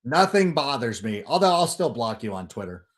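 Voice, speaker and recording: A middle-aged man, a guest on a livestream, ranting in an animated, sarcastic way and throwing in loud mock quotes. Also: mid-range voice, normal speed. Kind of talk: casual chat on a livestream.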